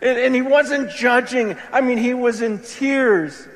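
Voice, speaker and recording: Male pastor with a very high voice preaching in an echoing church; passionate, drops to near-whispers for effect. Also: measured pace. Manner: impassioned, swinging between loud emphasis and hushed lows. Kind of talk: sermon. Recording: long reverb of a large hall.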